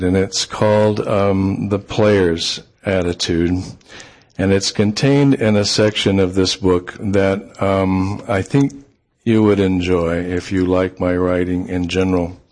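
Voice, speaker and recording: Low-voiced man telling a relaxed story. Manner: relaxed, unhurried, with frequent ums. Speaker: author. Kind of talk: storytelling talk.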